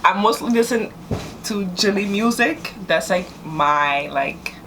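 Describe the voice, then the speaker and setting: A young woman from New York City chatting as a guest, animated and boastful, talking in quick bursts. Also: mid-range voice, background noise. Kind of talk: casual chat.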